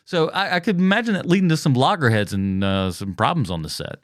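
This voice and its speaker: A man co-hosting a movie podcast in casual chat, jokey and quick to laugh. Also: medium pitch, dry recording, clean studio sound. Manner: jokey, slips into silly put-on voices, laughs a lot. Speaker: podcast co-host.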